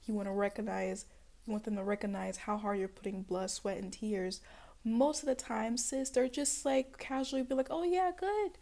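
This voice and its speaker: A young woman talking straight to her viewers in a casual self-help pep talk, sassy and blunt, with swearing, laughter and quick put-on voices. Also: a little mellow. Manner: acts out other people's voices in jumps of pitch. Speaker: spiritual self-help vlogger.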